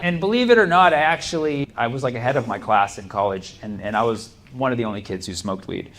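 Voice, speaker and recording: A man's voice: mid-range voice, quick pace, a bit bright. A man doing a stand-up set in a comedy club, chatting with the crowd in a loose, laid-back way, full of likes and you-knows, often laughing. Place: comedy club stage with an audience. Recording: live club room with noise.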